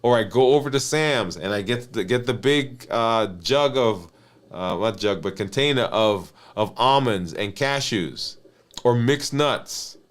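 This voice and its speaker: A man's voice: mid-range voice, animated, unhurried. Earnest man coaching on emotional eating. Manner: earnest, repeats "right?" and restarts phrases. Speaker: physician and health coach. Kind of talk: teaching monologue.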